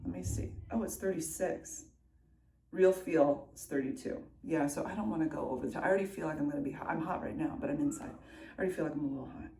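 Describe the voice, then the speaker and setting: A woman in her thirties talks to the camera in a loose, chatty way, circling back and fixing her own words. Her voice sits low for a woman. A faint hiss of noise runs under the recording. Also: quick pace, dark tone. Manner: chatty, rambling, self-correcting. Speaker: vlogger. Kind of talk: casual vlog chat. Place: home indoors, then outdoors at a race.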